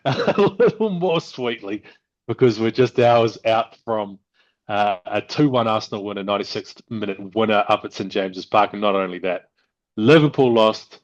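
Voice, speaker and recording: A man hosting a podcast and chatting casually, with an easy laugh. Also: lowish voice. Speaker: podcast host. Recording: dull lo-fi audio.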